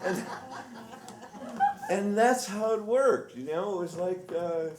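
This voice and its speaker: A man's voice: sits high, slow pace, pauses often, a little mellow. A man on a live stage telling rambling, chuckling anecdotes with plenty of fillers. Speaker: stage performer telling stories. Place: live stage in a reverberant hall. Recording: echoey live hall, distant mic, faint noise.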